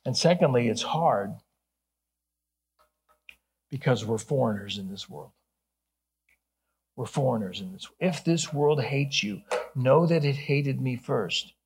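Husky middle-aged pastor preaching. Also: male voice, medium pitch, slow, pauses often. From Ohio. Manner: earnest, then playfully animated with jokes. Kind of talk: sermon with humorous asides.

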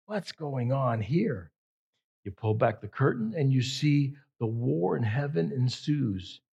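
A pastor preaching a sermon with emphatic delivery, repeating phrases for effect. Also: male voice, mid-range voice, expressive, slow, creaky, mellow, slightly rough, muffled recording.

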